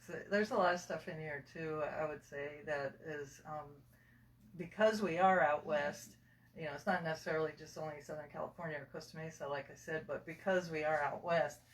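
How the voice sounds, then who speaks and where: A man's voice: a little high, steady tone, a little fast, fairly bright tone, distant mic, slight background noise. A man in a casual interview, rambling with fillers and restarts and sounding muffled behind a face mask. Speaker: collector and estate seller.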